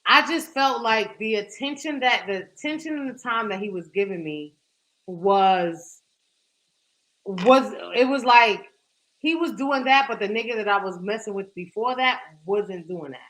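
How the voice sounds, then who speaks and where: Bright, profane young woman telling a story. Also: medium pitch, animated, a little slow, rough recording. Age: young adult. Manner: candid and profane, heavy use of "like". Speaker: podcast co-host. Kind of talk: casual storytelling chat.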